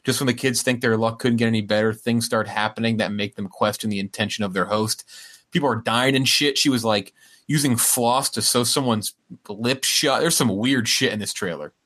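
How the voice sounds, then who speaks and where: A man's voice: mid-range voice, normal speed, fairly bright tone. A man co-hosting a podcast in casual chat, rambling along with frequent fillers and restarts. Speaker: podcast co-host.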